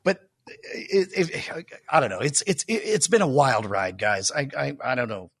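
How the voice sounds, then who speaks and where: A man's voice: mid-range voice, big pitch swings, measured pace, a bit bright, slightly rough, dry recording. Brief: male podcast guest, dry close sound, casual chat with dramatic trailer-voice flourishes. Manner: dramatic movie-trailer delivery at times.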